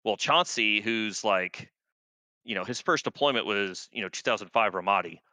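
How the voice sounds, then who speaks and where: A man's voice: fairly low pitch, normal speed, bright, forceful tone, no echo. A man in his thirties, an army veteran guest, telling war stories in a laid-back, profane, rambling way with lots of fillers. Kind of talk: casual war storytelling.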